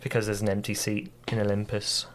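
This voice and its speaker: A man's voice: lowish voice, completely flat delivery, a little fast, a bit bright, a little hiss or hum. A man on a podcast casually retelling a story, rambling with lots of fillers and restarts. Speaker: podcast co-host.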